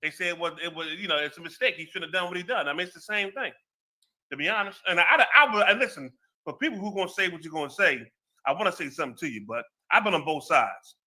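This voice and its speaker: Former cop, male, high lively bright voice, slangy storyteller. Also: fast. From American Southwest. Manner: street slang, animated storytelling. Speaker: former law enforcement. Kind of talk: casual chat.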